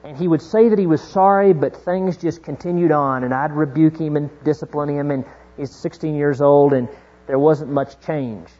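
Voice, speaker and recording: Middle-aged male pastor, fairly high voice, impassioned sermon, muffled lo-fi recording. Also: fairly even intonation, normal speed. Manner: preaching that swings from hushed storytelling to fervent exhortation. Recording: dull lo-fi recording.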